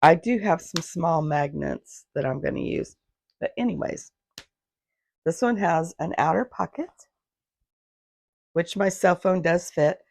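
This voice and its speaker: Hoarse, rambling woman sewing vlogger. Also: lowish voice, unhurried, pauses often, a little mellow, no room sound, clean studio sound. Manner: rambling, loses her thread and restarts. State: hoarse, gravelly voice. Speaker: handmade business owner, vlogger. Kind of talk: casual chatty vlog. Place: home sewing room. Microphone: phone.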